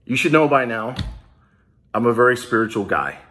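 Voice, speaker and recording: A man's voice: medium pitch, expressive, normal speed, sharp tone. A man hosting a small business video blog, talking straight to viewers in a hyped, rallying way that turns emotional. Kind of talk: casual emotional vlog.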